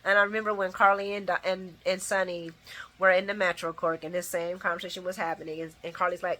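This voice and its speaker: A woman's voice: fairly low pitch, little pitch movement, fast, bright, forceful tone. A woman hosting a casual soap opera recap, talking animatedly, laughing and acting out the characters' lines with slang. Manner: uses casual slang and swearing.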